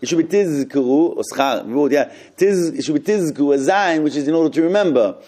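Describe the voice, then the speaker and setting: A man leading a group text study, reading passages aloud slowly and then explaining them and puzzling over them. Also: a little high, animated, mellow.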